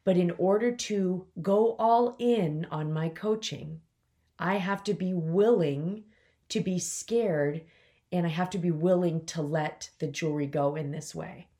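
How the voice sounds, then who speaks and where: In an unhurried, lowish voice with a dark tone, a forty-something business coach opens up on her own podcast. Alone at the mic, she's candid and emotional, on the edge of tears and trying to hold them in.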